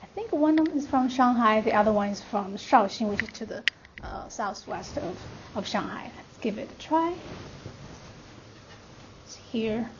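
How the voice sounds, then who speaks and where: A woman's voice: a little high, animated, normal speed, pauses often. A woman from China with a Chinese accent, giving a classroom lecture as a language instructor, patiently checking that students follow. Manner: explains patiently, checks understanding with "right?". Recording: muffled classroom recording with background noise.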